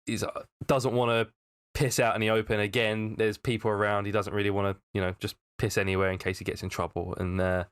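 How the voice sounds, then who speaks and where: Rambling low-voiced man. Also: flat delivery, fairly quick, smooth. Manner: rambling, many fillers, laughs mid-story. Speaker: podcast co-host. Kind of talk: casual chat.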